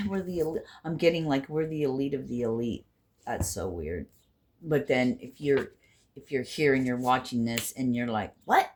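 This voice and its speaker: Lively, swearing woman reading spirit cards. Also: extremely low pitch, normal speed, a little hiss or hum. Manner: rambling, swears freely, animated swings from loud to hushed. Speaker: intuitive card reader and healer. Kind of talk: casual spiritual card reading to camera.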